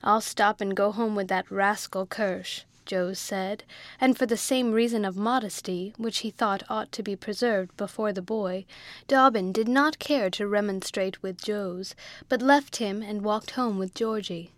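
A woman narrating a classic novel as an audiobook reader, in a measured storytelling way. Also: medium pitch, no echo. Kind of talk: scripted narration.

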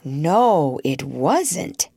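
A woman's voice: mid-range voice, very animated, dry recording, clean studio sound, voice pushed up. A woman reading aloud and voicing a solemn, curious little girl. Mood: grave. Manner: grave, slow. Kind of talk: storybook reading.

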